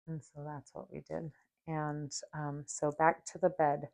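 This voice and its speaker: Slow, low-voiced woman, soft and dreamy. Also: little pitch movement, vocal fry, lo-fi sound. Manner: soft, slow and dreamy, drifting into near-whispers. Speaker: podcast host. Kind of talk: spiritual podcast monologue and guided meditation.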